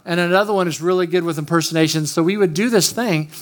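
A man preaches in a light, high voice. He opens with a casual, joking personal story and keeps talking straight to the people in front of him. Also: quick pace. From Oklahoma, USA. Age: 50s. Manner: chatty, joking, talks straight to the room. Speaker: pastor. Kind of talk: storytelling sermon.

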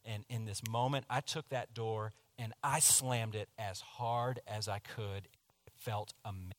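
A man preaching, telling a personal story in a confessional, animated way that swings from hushed to loud. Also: fairly low pitch, unhurried, no echo. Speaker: pastor. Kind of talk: sermon storytelling.

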